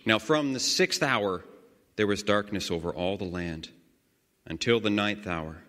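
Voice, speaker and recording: A man leading a guided scripture meditation, reading slowly and earnestly with sudden swells of emphasis. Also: on the low side, bright, forceful tone. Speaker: prayer leader. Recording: long hall reverb.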